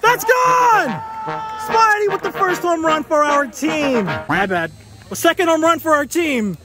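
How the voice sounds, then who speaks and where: High-voiced man calling softball play-by-play. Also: very animated, a little slow, over loud music. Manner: matter-of-fact game calling. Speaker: teammate commentator. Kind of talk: casual play-by-play commentary. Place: outdoor softball field.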